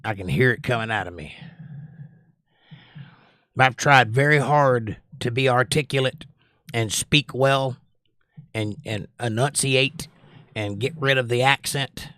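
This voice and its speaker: A man with a faint Georgia accent, hosting a casual livestream and reading viewers' comments before he talks them through. His voice is mid-pitched, with a dry, close sound and no room around it. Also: a little slow, pauses often, sharp tone, no room sound. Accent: Georgia (US Southern), mostly suppressed. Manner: reads chat aloud in a lifted voice, then muses analytically. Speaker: livestream host reading chat. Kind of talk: casual chat.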